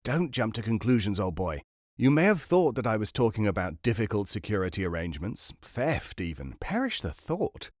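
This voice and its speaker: A man voicing a smooth, unflappable con man with a breezy, clubby manner. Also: fairly low pitch, big pitch swings, moderate pace, a little mellow, dry recording, clean studio sound. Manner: breezy, jovial, clipped.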